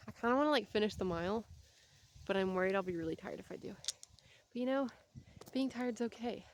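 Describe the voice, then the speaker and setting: A woman's voice: medium pitch, fast talker. A young woman vlogging casually while out walking, chatty and rambling, and out of breath. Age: young adult. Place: outdoors on a walk.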